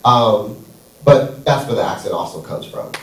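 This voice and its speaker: Sassy stand-up comic in an echoey theater. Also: male voice, medium pitch, expressive, slight background noise. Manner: playful, sassy, drawn-out punchlines. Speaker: stand-up comedian. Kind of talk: stand-up set. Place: comedy theater stage. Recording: echoey room, far from mic.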